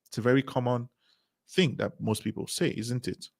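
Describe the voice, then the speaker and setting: A man's voice: mid-range voice, normal speed, vocal fry. A man giving a motivational talk at a business seminar, speaking emphatically, repeating key phrases and asking the audience rhetorical questions.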